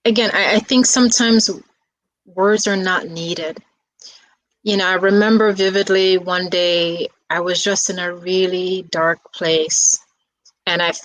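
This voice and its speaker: A woman guest speaking in a soft, reflective way, talking casually with a few restarts and fillers. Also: fairly low pitch, no echo, low-quality recording. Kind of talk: casual conversation.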